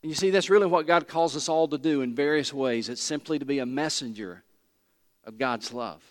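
A man's voice: medium pitch, a little fast. A man preaching a sermon as pastor, telling a personal story in an earnest way that rises to emphatic peaks. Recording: long reverb of a large hall.

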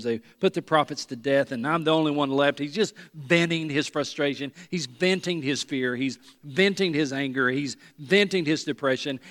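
A pastor preaching a sermon to a congregation, talking earnestly and repeating words for emphasis. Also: male voice, medium pitch, fairly bright tone. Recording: long reverb of a large hall.

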